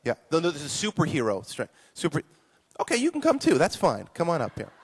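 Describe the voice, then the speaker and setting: A man teaching children at a live conference session, animated and playful, praising his young volunteers. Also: a little high, fairly quick, husky. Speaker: children's ministry speaker.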